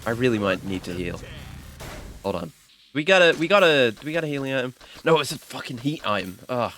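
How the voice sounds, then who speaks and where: A man's voice: mid-range voice, fairly quick. A man giving casual let's-play commentary on a video game, yelping and swearing when the game surprises him. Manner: excitable, yelps and swears at the game. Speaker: gaming streamer.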